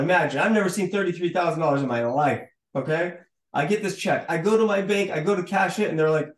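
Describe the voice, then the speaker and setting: A male podcast guest with a slightly high voice tells a story during a conversational interview, animatedly acting out every exchange. He stammers and restarts now and then, and the recording has a roomy, echoey sound.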